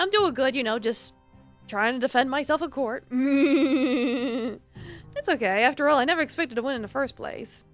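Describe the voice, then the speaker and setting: A woman streamer chatting playfully through a live game playthrough, often laughing and reacting to the dialogue. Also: fairly high pitch.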